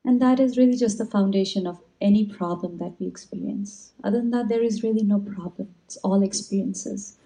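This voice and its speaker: Gentle, mellow-voiced woman telling reflective stories. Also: mid-range voice, brisk, hardly any pauses, rough recording. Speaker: spiritual teacher. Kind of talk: inspirational talk.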